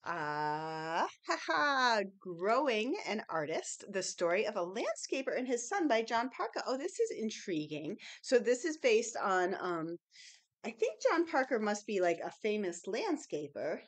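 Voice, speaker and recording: A woman's voice: mid-range voice, big pitch swings, measured pace. Chatty, enthusiastic woman librarian. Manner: chatty and enthusiastic, with frequent ums and gasps. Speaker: librarian presenting new books. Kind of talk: casual unboxing chat.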